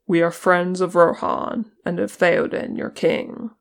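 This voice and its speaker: A reader voicing a grave, steady male ranger leader, speaking calmly and with measure in an audiobook. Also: mid-range voice, vocal fry. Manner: calm, measured. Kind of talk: audiobook character reading.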